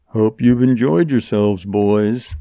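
A man voicing a calm, menacing bandit leader who speaks softly and coldly. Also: lowish voice, slow, no echo. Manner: calm, soft, cold. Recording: dull lo-fi audiobook recording.

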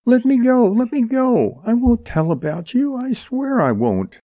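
A man voicing a frightened young woman held captive, speaking in a high, wailing, pleading voice. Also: very animated, a little slow, no room sound, exaggerated voice. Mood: pleading, tearful. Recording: dull lo-fi audiobook recording.

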